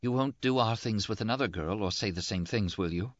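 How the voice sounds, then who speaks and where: A gravely ill young woman, tender and brave, speaking softly and faintly, as a man with a very deep voice reads her lines. The audiobook recording is dry and a little dull. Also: fairly quick, no room sound, natural voice. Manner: soft, weak delivery.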